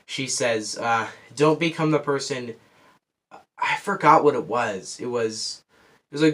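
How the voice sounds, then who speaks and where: A man's voice: medium pitch, unhurried, fairly bright tone. Breathless rambling male movie reviewer. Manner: rambling, loses track and restarts. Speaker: film reviewer. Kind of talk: casual spoiler movie review.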